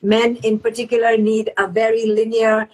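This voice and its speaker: Woman, middle-aged, husky, slightly high, fast, emphatic, guest author in an interview. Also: completely flat delivery, darkish tone, low-quality recording. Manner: fast, emphatic, acts out quoted voices. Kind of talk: conversational interview.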